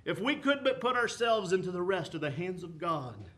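A man's voice: high-pitched, sing-song, normal speed, a bit bright. A man preaching a sermon with an impassioned, rising and falling cadence, quoting scripture.

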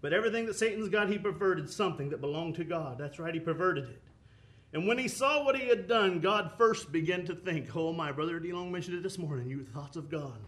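A man's voice: fairly high pitch, expressive, a little fast, a bit bright. A man preaching a sermon with an impassioned, rising and falling cadence, quoting scripture.

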